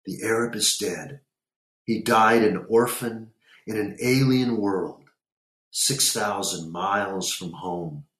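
A man reading a story aloud, voicing an anxious, excitable uncle who shouts and pleads emphatically. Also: lowish voice, takes it slowly, reverberant. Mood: grave.

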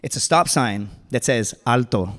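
A man on a comedy stage spins a long, rambling story in a fairly high voice, full of fillers and little laughs at himself. His voice rings out with a long hall reverb. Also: fairly quick. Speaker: stand-up comedian. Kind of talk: stand-up storytelling.

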